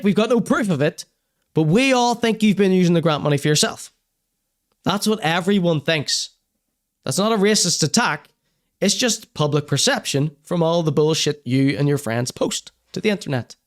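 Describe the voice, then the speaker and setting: A man hosting a livestream, sarcastically commenting on videos he plays for his audience. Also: high-pitched. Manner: sarcastic, mocking, swearing. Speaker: show host reacting to videos.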